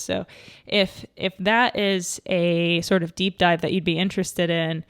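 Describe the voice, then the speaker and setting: A woman's voice: lowish voice, steady tone, unhurried, hardly any pauses, clear, resonant tone, no room sound, clean studio sound. A young woman hosting a solo podcast, chatting and thinking aloud with fillers and restarts, slightly out of breath. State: a little out of breath. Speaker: podcast host. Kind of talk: casual solo podcast talk.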